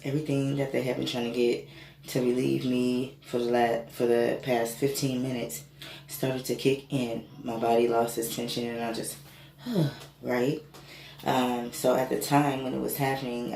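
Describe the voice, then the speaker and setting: A woman's voice: rumbling low, creaky. Woman telling a story in an echoey room. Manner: animated, candid, swears freely. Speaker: spiritual reader and reiki healer. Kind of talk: casual storytelling monologue. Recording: echoey room with faint noise.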